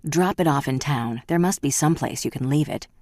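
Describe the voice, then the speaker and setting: A woman's voice: low voice, moderate pace, no room sound, studio quality. A woman voicing a wealthy, short-tempered man who barks orders. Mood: angry. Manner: shouting, commanding.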